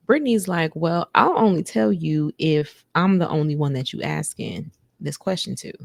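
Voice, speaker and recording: A woman hosting a podcast, recapping a show in a chatty, animated way. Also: low-pitched, normal speed, gravelly, no room sound. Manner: chatty, animated, breaks into sung bits and mock quotes. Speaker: podcast host. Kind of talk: casual recap chat.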